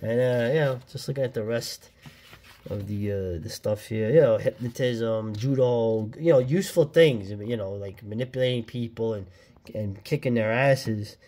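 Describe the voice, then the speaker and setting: Excitable slangy man reviewing comics. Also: mid-range voice, normal speed. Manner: excitable, slangy, laughs often. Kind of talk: casual comic book review vlog.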